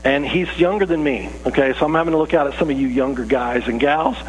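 A man's voice: medium pitch, quick pace, low-quality recording. Man, pastor, conversational sermon, restarts sentences, church, faint mains hum. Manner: conversational, self-interrupting, acts out quoted voices. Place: church sanctuary.

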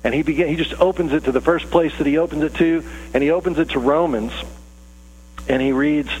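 A man preaching a sermon and telling a story in a relaxed, conversational way, with fillers and restarts. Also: fairly high pitch, a little fast, breathy edge. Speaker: pastor. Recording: long reverb with faint hum.

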